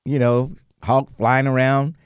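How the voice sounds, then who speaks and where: A man hosting a talk radio show, telling stories in a lively, chatty way and laughing often. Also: mid-range voice, slow, clear, resonant tone, dry recording. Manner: animated storyteller, laughs often. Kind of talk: casual talk radio chat.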